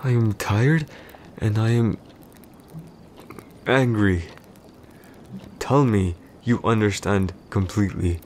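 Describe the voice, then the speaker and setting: A man voicing a possessive, jealous warrior husband in a whispered role-play, curt and irritated, speaking low and close. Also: slow pace, long pauses, darkish tone, slight background noise. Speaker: voice actor in a boyfriend roleplay.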